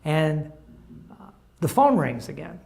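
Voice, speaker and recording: A man's voice: on the high side, sing-song, slow pace, gravelly, dark tone. Story-telling man on recovery. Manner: conversational, anecdotal storytelling. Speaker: recovery program speaker. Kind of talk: informal talk on recovery steps.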